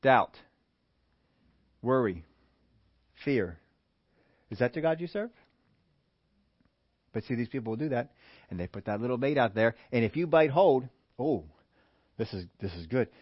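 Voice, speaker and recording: A man preaching a sermon, animated, who acts out the voices he quotes. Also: medium pitch, a little slow, long pauses, no echo, lo-fi sound. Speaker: pastor.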